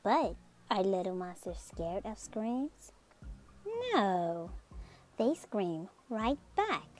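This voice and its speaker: A woman reading a children's picture book aloud in an expressive, slow storytelling manner. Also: mid-range voice. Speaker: storybook reader.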